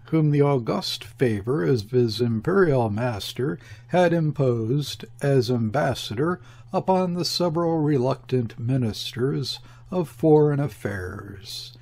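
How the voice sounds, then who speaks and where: A man narrating a classic novel in a measured, deliberate way with a husky, gravelly voice. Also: mid-range voice, a little mellow. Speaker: audiobook narrator. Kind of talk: unabridged novel reading.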